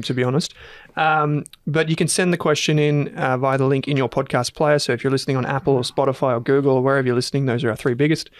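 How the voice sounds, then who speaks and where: A man's voice: medium pitch, dry recording, clean studio sound. A man with an Australian accent hosting a finance podcast, chatting casually with a joking, laughing manner. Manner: jokey, laughs often, quick asides. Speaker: podcast host, analyst. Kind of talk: casual chat.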